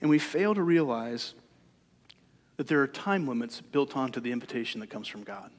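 A man's voice: medium pitch, animated, normal speed. A male pastor giving a sermon, speaking conversationally and posing rhetorical questions to his listeners. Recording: long hall reverb.

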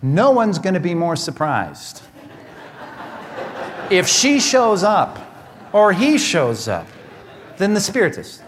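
Brief: male pastor, wry lively sermon delivery, high voice, long echo of a hall. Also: slow pace, long pauses, slight background noise. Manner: animated, wry, shifts between loud and hushed. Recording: echoey hall.

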